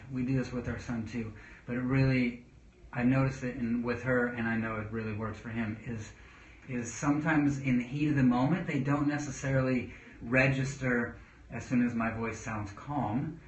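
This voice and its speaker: A man's voice: medium pitch, moderate pace. A man who is a children's pastor, giving casual parenting advice to camera in a rambling way with restarts. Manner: rambling, with restarts and calm demonstrations of speech. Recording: roomy, dull sound with faint noise.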